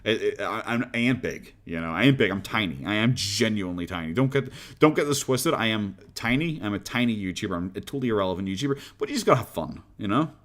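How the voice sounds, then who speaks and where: A man's voice: fairly low pitch, animated, fast, few pauses, fairly bright tone. Chatty Irish man streaming. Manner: rambling, laughing, swearing casually. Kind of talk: casual live stream chat reading comments.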